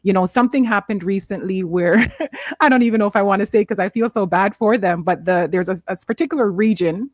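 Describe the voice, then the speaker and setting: A woman's voice: mid-range voice, brisk, a little mellow, no echo. A woman with a toned-down Jamaican accent hosting a faith-based panel discussion, earnest and conversational, laughing easily. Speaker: host.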